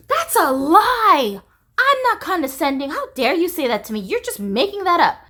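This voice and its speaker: A woman's voice: very high-pitched, sing-song, normal speed, fairly bright tone, a little hiss or hum, voice pushed up, heavily acted. A woman putting on the voice of her indignant older mother, who denies things in a huffy, offended way.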